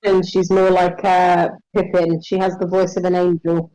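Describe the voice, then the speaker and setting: Low-voiced hesitant woman player. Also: level tone, moderate pace, warm tone, poor audio. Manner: hesitant, thinking aloud. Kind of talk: casual chat.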